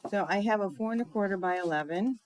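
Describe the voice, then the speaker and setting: A woman's voice: mid-range voice, a little fast, darkish tone, slight background noise, low-quality recording. A woman giving a casual live craft demonstration, chatty and thinking aloud, talking to her viewers with fillers and asides.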